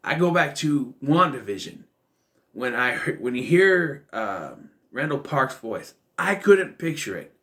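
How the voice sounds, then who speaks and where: A man's voice: medium pitch, very animated, measured pace, fairly bright tone. Guy rambling about a film he likes, lots of uh and restarts, casual vlog talk. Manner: rambling, with many fillers and restarts. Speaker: film reviewer.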